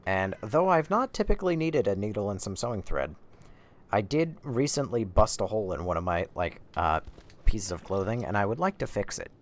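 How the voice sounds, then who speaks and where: A man's voice: on the low side, big pitch swings, moderate pace. A young man casually commentating a horror game on stream, rambling and swearing as he plays. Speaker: livestreamer playing a horror game.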